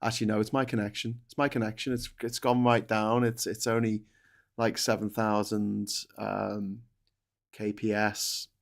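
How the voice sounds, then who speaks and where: A man co-hosting a news talk stream over a video call, joking and chatty with quick asides. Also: on the low side, little pitch movement, gravelly. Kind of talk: casual live-stream chat.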